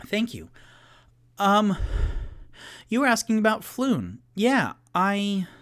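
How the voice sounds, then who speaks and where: Man doing a hesitant, higher-voiced bartender. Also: wildly swooping pitch, takes it slowly, a bit bright, heavily acted. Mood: helpful. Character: soft-spoken nonbinary tavern bartender.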